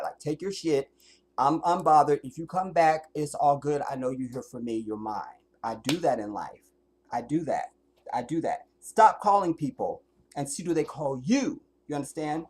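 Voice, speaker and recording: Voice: mid-range voice, animated, normal speed, a little mellow, slightly rough. Blunt, profane livestreamer. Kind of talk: livestream rant.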